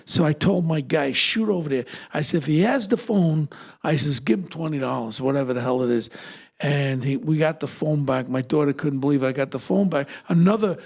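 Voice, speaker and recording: Older ny guy, high gravelly voice, tells stories all animated, podcast host. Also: brisk. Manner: animated storyteller, acts out quoted voices. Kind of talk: casual storytelling chat.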